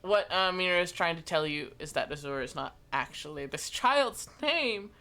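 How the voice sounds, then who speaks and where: A woman narrating as game master of a tabletop game, slow and descriptive with frequent fillers. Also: on the low side, animated, pushed and bright.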